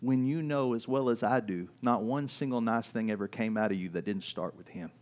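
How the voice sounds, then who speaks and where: A man's voice: mid-range voice, brisk, a little mellow. A man preaching a sermon as pastor, impassioned, often asking rhetorical questions and repeating words as he builds his point.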